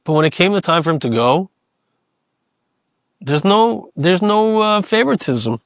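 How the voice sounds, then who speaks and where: Male lecturer, fairly high voice, earnest, repeats for emphasis, dry close sound. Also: lively intonation, a little slow, dry recording. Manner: earnest, repeats phrases for emphasis, weaves in Hebrew terms. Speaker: Torah teacher. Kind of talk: Torah lecture.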